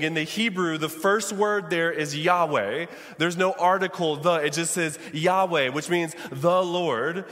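In a church sanctuary, a pastor calls out to his congregation during his sermon. His voice is high and fairly bright, and a long church reverb trails after it.

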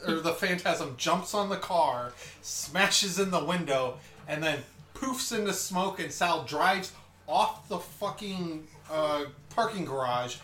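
A man's voice: on the high side, animated, slow, bright, forceful tone, reverberant. A man in casual podcast chat who corrects and fills in details. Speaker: podcast co-host.

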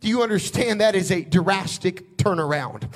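A man preaching a sermon, retelling a scripture story dramatically and building to loud shouts. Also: high voice, lively intonation, normal speed.

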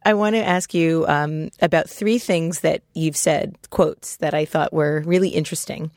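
A woman hosting an interview, asking probing, measured questions. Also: low voice, fairly even intonation, darkish tone, no echo, clean studio sound. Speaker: interview host.

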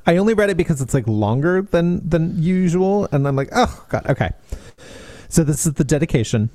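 A man's voice: a little high, brisk, dry recording. A man co-hosting a book podcast, chatting casually and with lots of energy, full of fillers and restarts. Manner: animated, many fillers and restarts. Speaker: podcast co-host.

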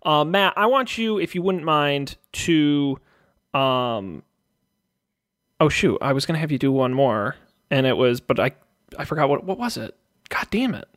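A man's voice: a little high, very animated, measured pace, fairly bright tone, no echo, studio quality. A man co-hosting a comedy podcast, stammering and self-deprecating with frequent laughs. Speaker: co-host.

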